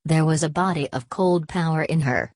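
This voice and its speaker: Woman reading an old novel aloud, low voice, dry close sound. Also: moderate pace, a little mellow, no echo. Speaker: audiobook narrator. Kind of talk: scripted narration.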